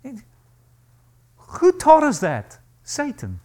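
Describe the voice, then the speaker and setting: A male pastor preaching a sermon to a congregation, emphatic and animated, acting out the voices he quotes. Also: medium pitch, takes it slowly.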